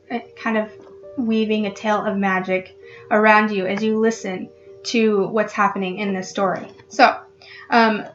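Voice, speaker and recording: A woman vlogger explaining a poem in a casual, halting way, with many ums and restarts. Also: mid-range voice, a bit bright, muffled recording. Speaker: literary vlogger.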